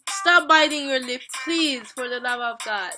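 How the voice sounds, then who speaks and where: A young woman hosting a casual music video reaction, gushing and stammering with excitement. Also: a little high, moderate pace.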